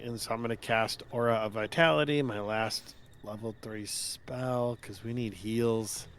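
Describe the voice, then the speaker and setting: A man playing a tabletop game, lively and expressive, sometimes shouting in character. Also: medium pitch, slow pace, slight background noise. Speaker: player.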